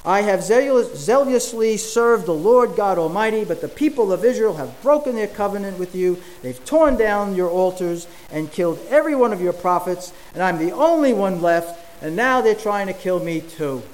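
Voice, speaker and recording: A man's voice: sits high, lively intonation, normal speed, few pauses, a little mellow, poor audio. A man voicing a despairing, self-pitying male prophet while reading a scripture passage aloud in a sermon.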